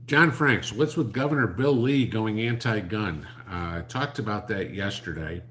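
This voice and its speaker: A man's voice: lowish voice, moderate pace, a bit bright. A man, hosting a livestream and answering chat in a blunt, rambling, sarcastic way.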